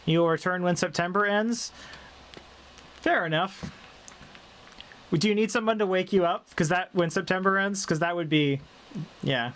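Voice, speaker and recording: Man, casual streamer, light faded Southern drawl, laughs a lot, pitched a bit high, faint noise behind. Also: moderate pace, pauses often, fairly bright tone. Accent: light Southern drawl, mostly faded. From American South. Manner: playful, rambling, laughs often. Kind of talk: casual live-stream chat reading viewer comments.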